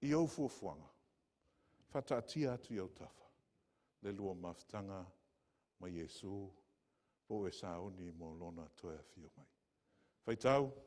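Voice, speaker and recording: A male pastor, preaching in a church with impassioned storytelling that swings between hushed and loud passages. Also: sits low, expressive, moderate pace, pauses often. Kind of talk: sermon.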